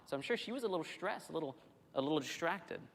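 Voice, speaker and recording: Fast-talking male pastor in a reverberant hall. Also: on the high side, a little hiss or hum. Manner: conversational, animated storytelling with restarts. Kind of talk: sermon.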